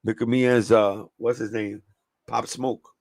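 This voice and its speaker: A man's voice: on the low side, little pitch movement, a little slow, creaky, a little mellow, dry recording, rough recording. A man hosting a casual livestream, chatting in a slangy, profane, easygoing way and laughing often. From New York. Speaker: sneaker livestream host.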